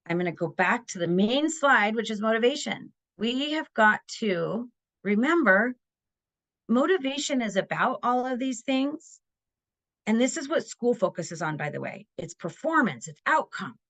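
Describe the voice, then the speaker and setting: A woman's voice: a little high, very animated, measured pace, fairly bright tone. A middle-aged woman giving a parenting webinar, talking in an earnest, conversational way and often checking in with "right?". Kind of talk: webinar presentation.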